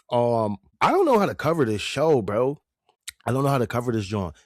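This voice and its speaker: A man's voice: fairly low pitch, no room sound, clean studio sound. Laid-back, slangy male podcast host. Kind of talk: casual podcast chat.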